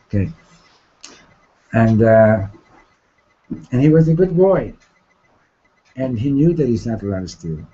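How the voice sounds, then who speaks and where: Man telling a story in class, halting. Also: medium pitch, very animated, dark tone, lo-fi sound. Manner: halting, repeats words and restarts, asks "Okay? Right?". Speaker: teacher. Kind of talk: storytelling lesson.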